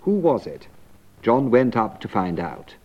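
Male narrator and teacher, measured and clear, lively intonation. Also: fairly low pitch. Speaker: language course narrator and teacher. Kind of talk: scripted narration and explanation. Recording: dull lo-fi old tape.

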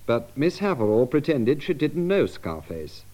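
A man giving measured, explanatory narration for language learners. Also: mid-range voice, big pitch swings, warm tone. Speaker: narrator and presenter.

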